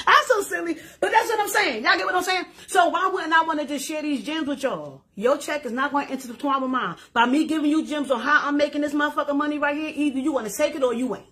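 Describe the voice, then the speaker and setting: A middle-aged woman, chatting to her viewers in a loud, animated, profane way and laughing often. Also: sits high, a little fast. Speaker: social media creator. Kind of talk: casual live-stream chat.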